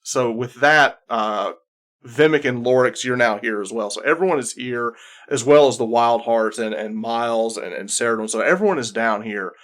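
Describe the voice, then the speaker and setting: A man running a tabletop game as game master, speaking at a middling pitch. He narrates the scene in second person, describing what the players hear and see, often restarting his sentences. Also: normal speed, fairly bright tone.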